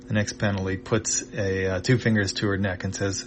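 A man reading a comic aloud panel by panel, narrating in a halting, unhurried way. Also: on the low side, fairly even intonation, slight background noise. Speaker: comic reader.

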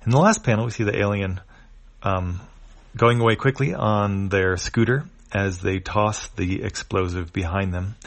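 A man's voice: low-pitched, creaky. A man casually reading a webcomic aloud, describing each panel with some fillers. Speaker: comic reader.

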